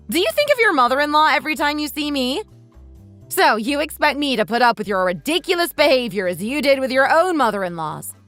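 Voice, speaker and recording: A woman's voice: high voice, no room sound. A woman voicing a sarcastic young wife who talks back bluntly to her mother-in-law in a texting-story drama. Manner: sharp, mocking, blunt.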